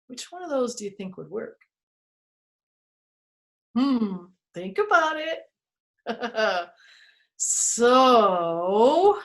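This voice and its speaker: A woman storyteller reading an interactive story to children, playful and expressive, asking her listeners questions. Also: medium pitch.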